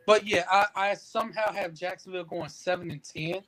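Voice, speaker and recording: High-voiced teasing man. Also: low-quality recording. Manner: animated, teasing, halting restarts. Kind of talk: casual sports chat.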